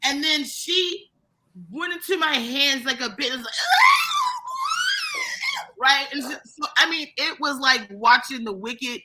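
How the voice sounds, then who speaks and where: A woman guest on a live-streamed podcast, telling a profane story in an animated, casual way with many restarts. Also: high voice, moderate pace, very noisy. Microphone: live stream mic.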